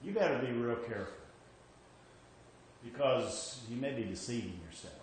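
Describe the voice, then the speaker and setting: A man's voice: mid-range voice, lively intonation, moderate pace, a little hiss or hum. A man preaching a sermon, emphatic, repeating his points and often checking in with "okay?". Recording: very echoey hall with faint ambience.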